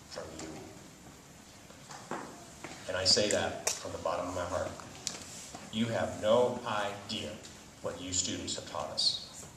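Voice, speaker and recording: A man's voice: sits low, noisy background. A man delivering a commencement speech to graduates, earnest and emphatic, repeating words for stress. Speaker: commencement speaker. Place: graduation ceremony venue. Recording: echoey venue from far off.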